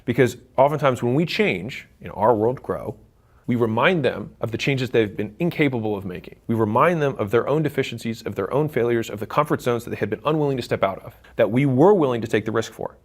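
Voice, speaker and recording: A man's voice: medium pitch, lively intonation, brisk. A man in his thirties giving blunt, emphatic advice straight to camera, swearing for emphasis and acting out what relatives say. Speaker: business creator giving advice. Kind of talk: direct-to-camera advice talk.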